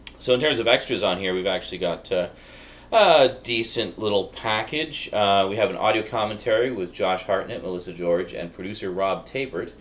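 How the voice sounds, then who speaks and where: Deep-voiced man rambling through a review. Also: moderate pace, a bit bright. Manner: rambling, chatty, frequent fillers and laughs. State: voice cracking. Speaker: Blu-ray reviewer. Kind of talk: casual spoken review. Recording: dull lo-fi sound, faint noise.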